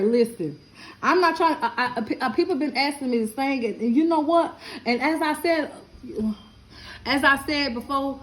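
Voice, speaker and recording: This middle-aged woman from Lubbock, Texas, chats and laughs with her viewers on a casual live stream, animated and speaking straight to them. Her voice is high-pitched at a normal speed, and the recording quality is low.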